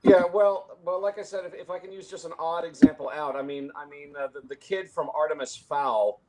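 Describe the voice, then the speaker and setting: A man's voice: on the high side, fairly even intonation, a little fast, dark tone. A man in a casual film discussion, talking at length with frequent restarts and chuckles. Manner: rambling, many restarts, chuckles. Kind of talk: casual conversation.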